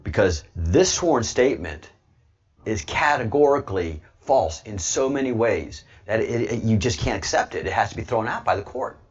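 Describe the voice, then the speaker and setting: A man's voice: on the low side, expressive, moderate pace, breathy edge, lo-fi sound. A man hosting an online video show, giving heated political commentary and repeating words as he pushes his point. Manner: emphatic, repeats words while pushing a point.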